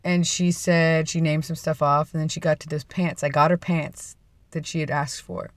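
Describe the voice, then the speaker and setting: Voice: mid-range voice, little pitch movement, moderate pace, no echo. A vlogger chatting casually and playfully from inside a parked car, rambling and laughing at their own jokes. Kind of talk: casual chat.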